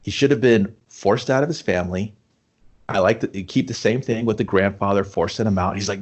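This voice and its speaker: A man's voice: low-pitched, fast talker, slightly rough. A man co-hosting a podcast, reviewing a movie in casual chat, swearing a lot and acting out scenes in put-on voices. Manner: profane, animated, acts out scenes in voices. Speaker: podcast co-host.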